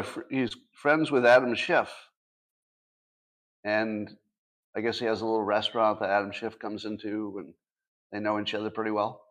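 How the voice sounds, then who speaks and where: A man in his sixties hosting a casual livestream, talking to his audience with dry sarcastic asides. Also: lowish voice. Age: 60s. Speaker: podcast host.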